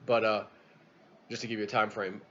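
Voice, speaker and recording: A man's voice: level tone, fairly quick, a bit bright, highs cut off. A man casually telling a rambling story as a YouTube vlogger. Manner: rambling, low-key.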